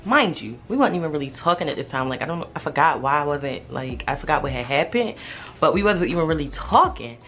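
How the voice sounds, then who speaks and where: A young adult woman telling a personal story in a casual vlog, animated and slangy, swearing freely. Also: sits low, quick pace, faint music behind. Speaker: vlogger.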